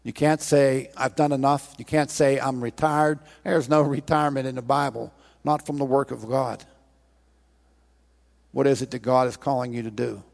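A man's voice: medium pitch, steady tone, moderate pace, gravelly, darkish tone. A man preaching a sermon in a church, earnest and pleading as he retells a scripture story and urges listeners to act. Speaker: pastor. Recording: long reverb of a large hall.

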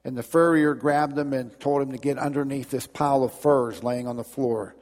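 A male pastor preaching and storytelling to his congregation, building emphasis and restarting phrases as he goes. His mid-pitched voice carries with a long reverb through a church sanctuary. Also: fairly even intonation, moderate pace, darkish tone. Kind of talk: sermon.

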